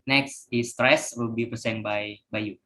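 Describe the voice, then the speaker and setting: A man's voice: mid-range voice, fairly even intonation, a little slow, bright, forceful tone, low-quality recording. A young man reading a class presentation aloud from his notes, stumbling over technical terms. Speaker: student presenter.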